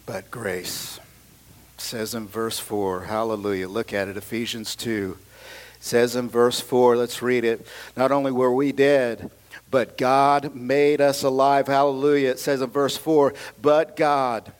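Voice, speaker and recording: A middle-aged pastor with a medium-pitched voice preaches an animated sermon at an unhurried pace. He mixes casual slang with shouts of hallelujah, moving between loud passages and quiet asides.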